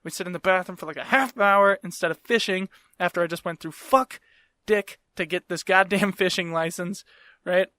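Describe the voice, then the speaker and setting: Brief: young man, slightly high voice, swearing casual storyteller, dry close mic. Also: moderate pace, pushed and bright, no room sound. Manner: profane, rambling, self-mocking. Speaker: podcast host.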